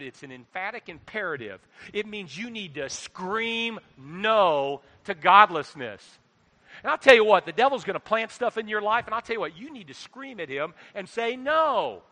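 A middle-aged man preaching a sermon into a microphone, animated, swinging between quiet asides and loud exhortation. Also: fairly high pitch. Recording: long hall reverb.

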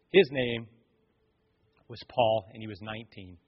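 Animated preacher man in an echoey hall. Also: on the low side, a little slow, husky. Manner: animated storytelling with acted voices and shouts. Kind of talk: sermon. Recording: echoey hall, dull lo-fi sound.

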